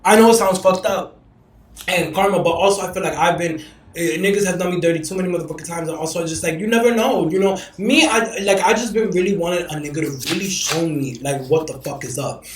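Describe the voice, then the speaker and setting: A man hosting a podcast, telling stories in a casual, animated, profane way. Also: sits high, a little fast, reverberant, a little hiss or hum. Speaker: podcast host. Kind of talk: casual chat.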